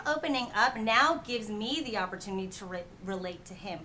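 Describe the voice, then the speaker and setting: A woman's voice: a little high, moderate pace, few pauses, slight background noise. A woman dating coach talking frankly and acting out little quoted lines in a casual advice chat. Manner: frank, animated, acts out quotes.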